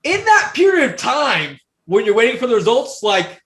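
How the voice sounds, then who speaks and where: A fairly high-pitched man in his thirties, from New York, spins a story as a podcast guest. His talk is animated and salty, full of "like" and restarts. The sound is roomy, with a noticeable echo off the studio walls. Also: normal speed. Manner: profane, animated storyteller, many fillers. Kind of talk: casual storytelling chat.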